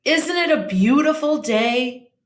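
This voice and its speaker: A woman's voice: high voice, expressive, slow, voice pushed up. A woman voicing a cheerful, chatty tumbleweed girl, recorded in an echoey room. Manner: bright and cheerful.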